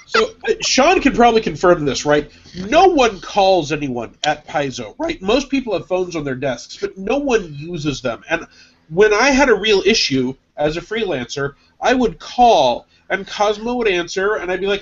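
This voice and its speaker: A man with a fairly high voice chats casually, telling animated stories and acting out what people said. The audio is muffled and lo-fi. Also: moderate pace. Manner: animated storyteller acting out conversations. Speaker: podcast guest, game designer. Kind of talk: casual chat.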